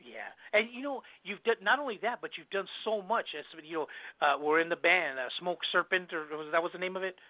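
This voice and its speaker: A high-voiced man hosts a radio show at a quick clip and laughs often. His voice sounds dry and tinny, like a phone line. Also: no echo. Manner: fast, excitable, laughs often. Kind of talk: casual radio chat.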